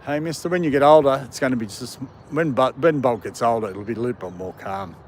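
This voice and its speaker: A man's voice: mid-range voice, fast talker, a little hiss or hum. A man with an Australian British accent hosting a casual live stream from an outdoor park on his phone, rambling and chuckling as he chats with viewers and his dogs.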